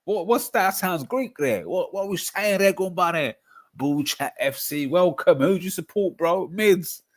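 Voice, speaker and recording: A man with a London accent hosting a casual football livestream, talking in an animated way, laughing often and reading out chat. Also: sits high, a little slow. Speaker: streamer.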